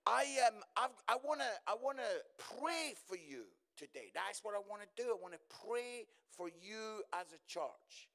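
A middle-aged man speaks as a guest preacher in a church service, with a voice that sits high for a man. He talks in a chatty, jokey way and keeps checking in with his listeners. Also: a bit bright. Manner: chatty, jokey, often tags lines with "yeah?". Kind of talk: humorous sermon. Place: church service before a congregation.

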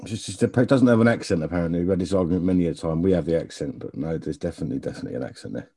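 A man's voice: low voice, rapid-fire, mellow, husky. A man hosting a podcast, chatty and laughing often. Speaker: podcast host. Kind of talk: casual chat.

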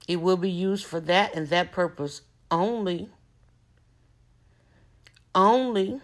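A woman's voice: lowish voice, a bit bright. A woman in a casual monologue, talking in an emphatic, informal way and hammering her points home by repeating them. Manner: emphatic, repetitive preaching tone; informal, slangy talk. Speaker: small business owner.

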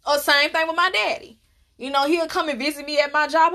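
A young adult woman hosting a podcast, telling personal stories in a casual, animated and playful way, often laughing. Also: very high voice, brisk. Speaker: podcast host. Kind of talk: casual storytelling monologue.

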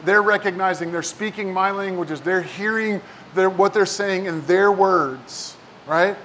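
A man with a high voice preaches in a relaxed, conversational way. He keeps checking in with his listeners through quick asides. A faint low rumble sits under his voice. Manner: casual, talks with many rhetorical "right?" and "like" asides. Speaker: pastor. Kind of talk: conversational sermon.

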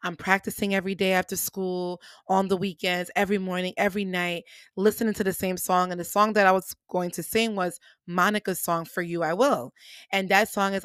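Animated woman telling a personal story. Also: lowish voice, fairly quick, dry recording, clean studio sound. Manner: animated, acts out quoted voices, addresses listeners as y'all. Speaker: podcast host.

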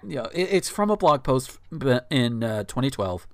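A man's voice: mid-range voice, sing-song, moderate pace, dry recording. A man in his thirties reading a blog post aloud on a podcast, breaking off for incredulous asides with frequent fillers. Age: 30s.

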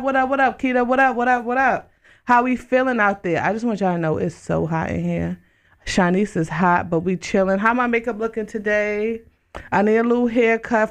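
A woman hosting a casual live radio chat show from a studio, talking loudly and hyping the listeners with repeated greetings and shout-outs. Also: mid-range voice. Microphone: studio mic with headphones.

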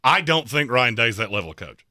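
A man co-hosting a sports talk show, debating coaches in an emphatic, opinionated way with quick jokes. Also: mid-range voice, very animated, sharp tone, dry recording, studio quality. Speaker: sports podcast co-host.

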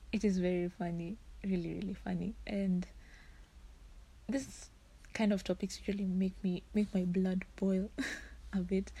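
A woman's voice: mid-range voice, mellow, husky. A young woman talking frankly and earnestly as a podcast guest, with frequent short laughs. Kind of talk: casual podcast talk.

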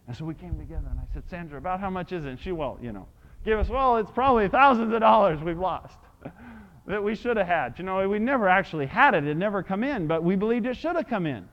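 A man preaching a sermon, telling a personal story and swinging from soft, quiet passages to loud, shouted declarations. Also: high-pitched, lively intonation, a little fast, dull audio.

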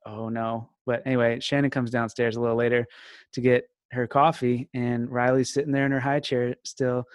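A man in his thirties hosting a casual podcast chat, telling stories in a relaxed way with frequent fillers. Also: mid-range voice, dry recording, clean studio sound. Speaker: podcast host.

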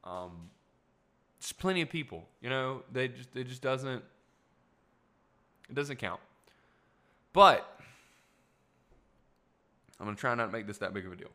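A man's voice: medium pitch, lively intonation, measured pace, long pauses, bright, forceful tone. A man in his twenties telling a casual, rambling travel story, often correcting himself mid-sentence. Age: 20s. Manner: rambling, self-correcting, upbeat.

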